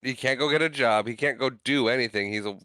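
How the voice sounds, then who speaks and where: A man's voice: mid-range voice, quick pace, sharp tone, dry recording. A man co-hosting a film podcast, dropping wry, joking remarks into the recap. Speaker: podcast co-host. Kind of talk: casual film chat.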